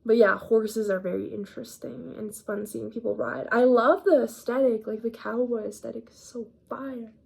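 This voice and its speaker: A young woman of eighteen chats through her day in a loose, slangy, self-deprecating ramble. Her voice sits a little high for a woman. She is a bit under the weather with a lingering cough. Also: fairly even intonation, normal speed, gravelly, few pauses, a little mellow, husky. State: mildly sick, coughing up phlegm. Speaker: vlogger. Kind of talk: casual chatty vlog.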